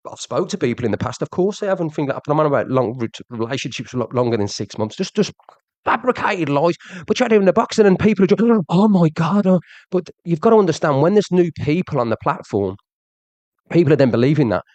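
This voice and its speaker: A man's voice: fairly high pitch, very animated, fast talker, a little mellow, dry recording. A man ranting on a livestream, confrontational and repetitive, talking straight at his viewers. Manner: confrontational, repeats himself, addresses the viewer directly. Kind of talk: heated livestream rant.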